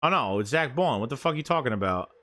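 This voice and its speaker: Cursing and excitable, this man gives a live play-by-play reaction to a football game as a fan streamer, shouting at bad plays. He has a mid-range voice and a quick pace.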